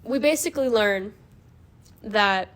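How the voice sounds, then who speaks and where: A young adult woman hosts a podcast and explains things in a loose, chatty way, her speech peppered with "like." She has a medium pitch, a slow pace, and a fairly bright tone.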